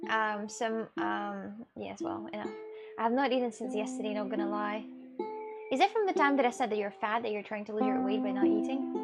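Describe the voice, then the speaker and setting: Blunt young woman. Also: fairly high pitch. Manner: blunt, rambling, laughs often. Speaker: streamer. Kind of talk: casual live-stream chat, reading chat aloud.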